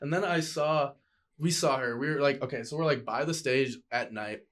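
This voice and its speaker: A young man, a podcast guest, telling a personal story in a casual, profane, slangy way, animated and acting out other people's voices. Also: mid-range voice, moderate pace.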